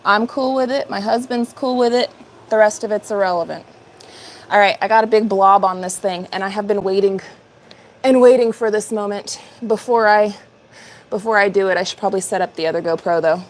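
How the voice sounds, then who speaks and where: Slight background noise runs under this casual live chat, where a woman in her 50s hosts a livestream, working as she talks upbeat with viewers and calls them by name. Her voice is mid-range and her pace brisk.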